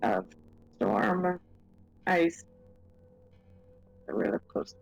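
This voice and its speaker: A woman's voice: lowish voice, sing-song, drawn-out words, gravelly, poor audio. A woman playing in a tabletop game, thinking aloud as she reasons through the group's plan. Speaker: player. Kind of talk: casual tabletop game talk.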